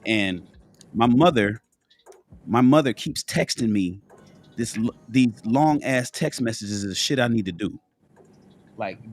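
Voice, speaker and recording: A man's voice: mid-range voice, animated, measured pace. A man who is sick and lying down, talking bluntly and profanely as a panelist in a casual chat, with many restarts and a cough. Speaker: panelist on a live call-in show. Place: at home in bed.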